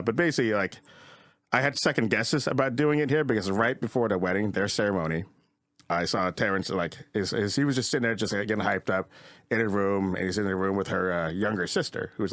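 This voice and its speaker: A man's voice: lowish voice, brisk, fairly bright tone, no room sound, studio quality. A man guesting as a comedian on a podcast, telling rambling stories full of fillers and swearing. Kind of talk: casual podcast storytelling.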